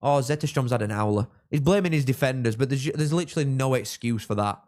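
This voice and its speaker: Excitable young man streaming football. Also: medium pitch, fast. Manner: excitable, reacts loudly to goals, chats with viewers. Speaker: livestream host. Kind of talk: live football watchalong chat.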